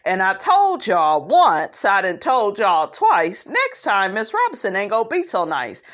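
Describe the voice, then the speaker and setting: A woman's voice: high-pitched, fairly bright tone, lo-fi sound. A woman vlogger giving a sassy, opinionated recap commentary, often calling viewers honey and child. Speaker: reality show recap vlogger.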